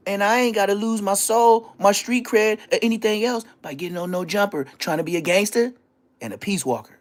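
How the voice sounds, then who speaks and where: This male streamer is fairly quick and expressive as he rants at a rival on his livestream. The monologue is heated, taunting and profane, veering from growling lows to yelping highs.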